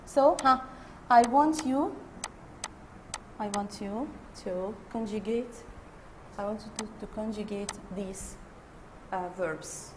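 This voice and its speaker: Slow-talking woman teacher. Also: medium pitch, a little hiss or hum. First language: Arabic. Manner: slow, repeats key words, switches into Arabic to explain. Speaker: English teacher. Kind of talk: online grammar lesson.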